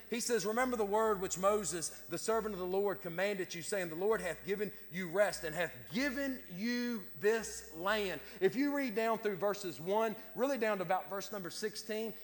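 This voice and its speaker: A man with a high voice preaches to a congregation in a folksy, looping style, doubling back on his words. His voice rings out with a long echo through the church hall. He reads scripture and keeps urging his listeners on. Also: fairly bright tone. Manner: folksy, repeats words, Southern-style grammar. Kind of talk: sermon. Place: church sanctuary.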